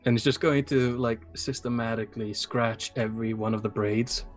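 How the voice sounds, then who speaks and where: A man playing a tabletop role-playing game, speaking hesitantly with many pauses and fillers. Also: medium pitch, steady tone, soft background music. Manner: hesitant, lots of ums and uhs. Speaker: player. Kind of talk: tabletop role-play, in and out of character.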